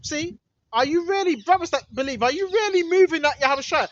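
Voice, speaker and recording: A man's voice: very high-pitched, animated, fairly quick, highs cut off. A man preaching in an emphatic, rambling way outdoors in a hidden spot in the woods, often asking "right?". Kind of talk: outdoor religious vlog monologue.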